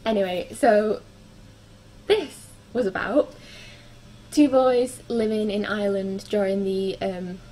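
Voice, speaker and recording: A woman's voice: medium pitch, takes it slowly, dark tone, poor audio. A young woman chatting casually through her book reviews, with frequent ums and likes. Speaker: book vlogger.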